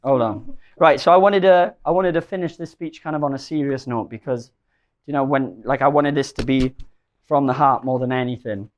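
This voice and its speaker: A man's voice: medium pitch, normal speed, dull audio. A young man giving a best man speech at a wedding reception, rambling, emotional and laughing at himself.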